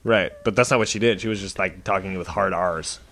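Podcast guest, man, lowish pitch, bright forceful tone, dry wit. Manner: wry, quick, teasing. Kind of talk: casual chat.

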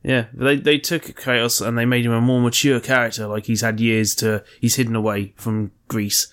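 A man's voice: mid-range voice, level tone, moderate pace, a bit bright. A man co-hosting a podcast in casual chat, rambling, joking and swearing freely. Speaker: podcast co-host.

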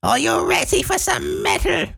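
A man doing an impression of a nasal, high-pitched male metal singer shouting stage banter. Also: animated, normal speed, creaky, full character voice. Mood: hyped.

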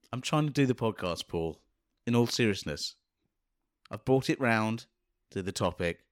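Animated man bantering pedantically. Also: fairly low pitch, unhurried. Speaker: podcast host. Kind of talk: casual banter.

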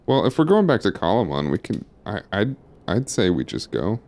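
Deep-voiced male tabletop player. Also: very animated, moderate pace, darkish tone. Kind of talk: casual chat over voice call.

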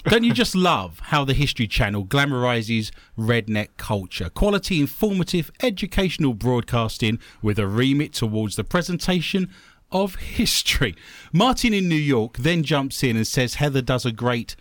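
A man's voice: medium pitch, big pitch swings, normal speed, no echo. A man hosting a comedy quiz show and reading listener mail, with a dry joking delivery and laughing at his own gags.

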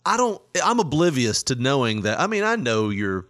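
Middle-aged man, casual storyteller, laughs a lot, acts out quotes, mid pitch. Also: big pitch swings, moderate pace, a bit bright. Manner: laughing often, retelling with quoted voices.

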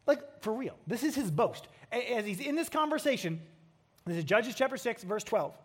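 A man preaching a sermon to a congregation in a chatty, animated way, often restarting his sentences. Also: very high voice, normal speed, slightly rough. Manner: conversational and animated, with frequent restarts.

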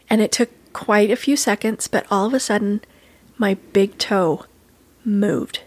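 A woman guest telling a personal story in an interview, earnest and animated, acting out quoted dialogue as she goes. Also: medium pitch, moderate pace, husky, dry recording.

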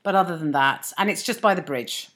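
A woman's voice: lowish voice, a little fast, a bit bright. A woman co-hosting a casual chat, telling a self-mocking story and acting out both sides of the conversations. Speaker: podcast co-host and comedian.

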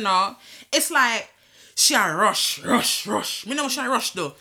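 Brief: young podcast co-host, lively bright voice, sweary animated storyteller, drops into patois. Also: female voice, on the high side, measured pace. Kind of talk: casual chat, storytelling.

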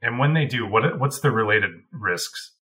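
Bright-sounding guy hosting, asks long careful questions, kinda far from the mic. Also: medium pitch, normal speed. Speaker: interviewer host. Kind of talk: conversational interview.

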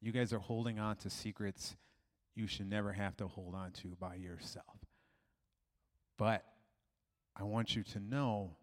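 A man giving a motivational talk at a school assembly, energetic and loud at first, then lowering his voice and growing earnest. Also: unhurried, long pauses. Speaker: motivational speaker and author.

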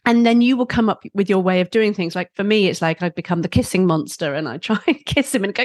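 A woman who works as a parenting instructor, talking as a guest in a podcast interview, playful and quick to laugh. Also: medium pitch, no echo, studio quality. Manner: playful, laughs easily, animated. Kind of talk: conversational interview.

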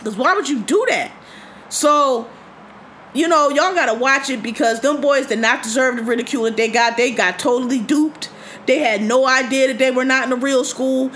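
A woman's voice: sits high, steady tone, moderate pace, a bit bright, slight background noise. A woman hosting a podcast, retelling a story in casual, profane, indignant speech. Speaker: podcast host.

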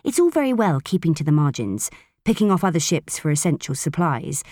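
A woman's voice: low voice, big pitch swings, a little fast, dark tone, no echo, studio quality. A woman voicing a firm, level-headed young woman pirate who explains patiently.

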